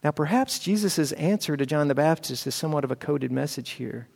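A man's voice: a little high, animated, fairly quick, gravelly, darkish tone. A man teaching a Bible class in a conversational, explaining way, thinking aloud as he goes, recorded in an echoey hall.

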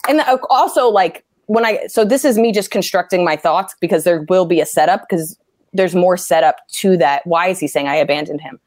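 A woman comedian talking casually about writing jokes, animated and swearing freely as she acts out angry quotes. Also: lowish voice, fairly quick, dry recording, clean studio sound. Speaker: stand-up comedian. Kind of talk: casual interview talk.

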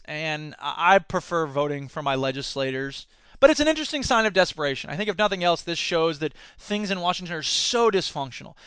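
A man who teaches, hosting a casual commentary podcast in a chatty, animated way with frequent restarts. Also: on the high side, smooth, no echo.

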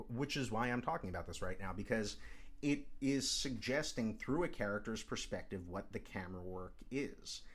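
A man teaching screenwriting, talking through a script in a loose, stop-start way with fillers. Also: medium pitch. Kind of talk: script analysis lecture.

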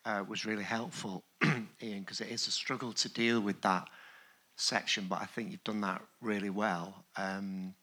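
An earnest man in a church congregation adds his thoughts to a discussion. His voice is low but sharp and bright in tone. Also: level tone, a little slow. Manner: earnest, affirming. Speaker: congregation member. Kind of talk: group discussion.

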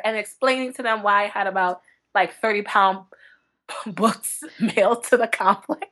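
A woman book blogger chatting as a podcast guest, telling lively stories with frequent laughter and acted-out quotes. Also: a little high, moderate pace. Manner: animated, laughing often, acts out quotes. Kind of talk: chatty podcast interview storytelling.

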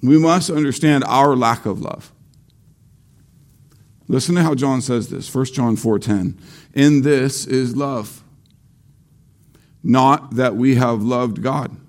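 A man preaching a sermon slowly and deliberately, repeating key phrases for emphasis. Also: medium pitch. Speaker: pastor.

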